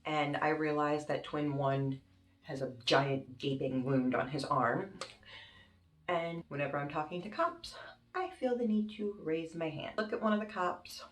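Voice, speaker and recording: A woman's voice: deep voice, measured pace. Young woman telling a wild story. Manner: animated, dramatic retelling with swearing. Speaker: YouTuber. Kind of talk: casual storytime. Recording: roomy with faint music.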